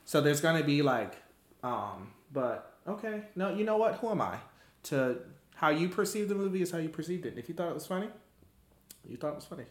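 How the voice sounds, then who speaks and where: A man chats casually as podcast host, his slightly high voice swinging widely as he gets animated. He slips into squeaky impressions mid-story. The room is echoey. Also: fairly quick. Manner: animated, jumps into high-pitched mimicry. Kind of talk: casual chat.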